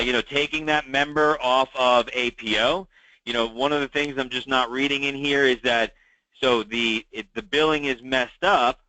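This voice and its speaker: Male meeting host, mid-pitch, tense bright tone, chatty briefing style that repeats key points. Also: no echo, low-quality recording. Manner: conversational, many fillers, repeats key advice. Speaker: meeting host for insurance agents. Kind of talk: weekly call briefing.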